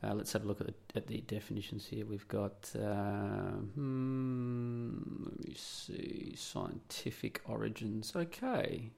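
A man's voice: lowish voice, steady tone, slow pace, creaky, darkish tone. An Australian man hosting a podcast, delivering an indignant, sarcastic and profane solo rant. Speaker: podcast host. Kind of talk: solo ranting monologue.

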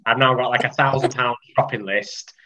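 A man's voice: medium pitch, fairly even intonation, moderate pace, background noise. A man hosting a casual podcast chat over a video call, joking and laughing often. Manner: chatty, jokey, laughs often. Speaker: podcast host.

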